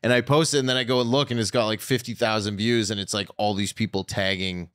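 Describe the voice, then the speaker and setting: A man's voice: lowish voice, steady tone, quick pace, a bit bright, clean tone, no room sound, clean studio sound. A comedian guest on a podcast, a man chatting candidly in long, rambling anecdotes full of fillers. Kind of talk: casual podcast chat.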